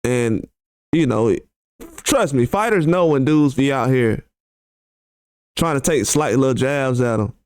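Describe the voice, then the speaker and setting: A man's voice: medium pitch, expressive, unhurried, pauses often, darkish tone, smooth, no echo. A man hosting a boxing commentary channel who reacts to tweets in a blunt, casual way, full of slang and rhetorical questions, his voice often jumping up in disbelief.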